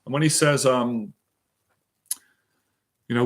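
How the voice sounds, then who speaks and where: A man's voice: medium pitch, normal speed, fairly bright tone. Impassioned man repeating himself for emphasis. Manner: earnest and emotional. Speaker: anxiety and confidence mentor. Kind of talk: motivational monologue.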